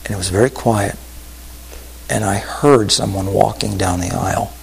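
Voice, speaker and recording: A male pastor preaching a sermon with an altar call, telling stories in a voice that drops to hushed whispers and rises to emphatic peaks. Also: fairly low pitch, normal speed, vocal fry, long reverb tail, slight background noise, poor audio.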